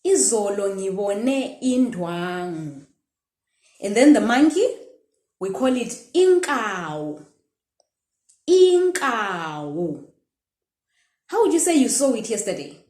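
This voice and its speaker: A woman teaching a language lesson, sounding out words slowly and carefully in repeated drills. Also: on the high side, very animated, darkish tone. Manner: slow, careful pronunciation drills. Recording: echoey room.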